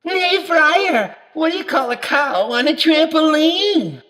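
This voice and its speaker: Goofy little robot, a man voicing it, squeaky and filtered, drawls every word out slowly. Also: expressive, pushed and bright, heavily acted. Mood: giddy. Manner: slow, sing-song delivery of a punchline. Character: chirpy joke-telling robot, small and goofy. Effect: pitch-shifted, telephone and robot filter.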